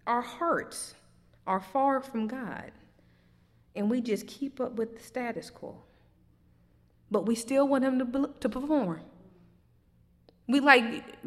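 A woman preaching a sermon, with a fairly high voice. She swings between loud, emphatic questions and quiet reflection. A long hall reverb trails her words. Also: slow, long pauses.

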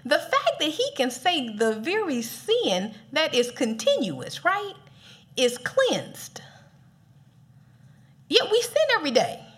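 Female preacher, high and very expressive, casual and funny. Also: measured pace, hardly any pauses. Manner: animated, playful, laughs often. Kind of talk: casual sermon.

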